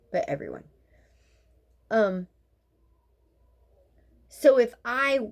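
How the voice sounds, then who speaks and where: A woman in her fifties who works in dentistry, venting in a blunt, profane, sarcastic monologue that rambles with exasperation. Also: lowish voice. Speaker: dental practitioner.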